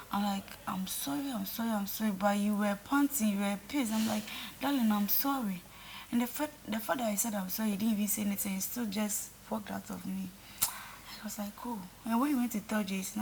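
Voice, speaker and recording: A woman's voice: mid-range voice, vocal fry, a little hiss or hum. Earnest young woman retelling at length. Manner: earnest, repetitive, animated retelling with quoted dialogue. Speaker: reality show contestant. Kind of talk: casual conversation.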